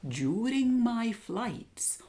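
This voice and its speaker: A woman reading aloud and voicing a wise, observant old male owl in a measured, knowing way. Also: fairly high pitch, very animated, mellow, slight background noise, pitched above the performer's own voice, full character voice. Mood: earnest.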